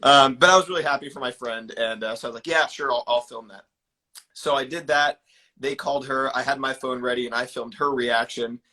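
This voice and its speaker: Bright-voiced eager young man. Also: mid-range voice, fairly quick. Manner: eager, animated storyteller. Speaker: guest, ninja competitor. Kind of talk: casual storytelling.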